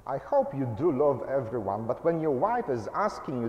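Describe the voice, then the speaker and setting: A male pastor giving a sermon in a measured way, in short phrases. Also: medium pitch, big pitch swings, a little mellow, roomy sound, long reverb tail, dull audio, a little hiss or hum.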